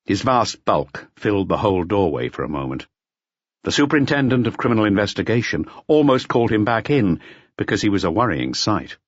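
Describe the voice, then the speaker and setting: Man narrating an audiobook, deep voice, lively intonation, dry dull lo-fi sound. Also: no room sound. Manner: measured, expressive storytelling. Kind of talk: scripted narration.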